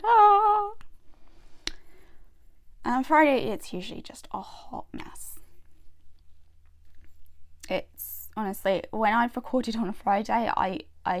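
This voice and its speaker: A woman chatting casually while she works on a craft project, rambling with fillers and little laughs. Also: medium pitch. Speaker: crafting vlogger.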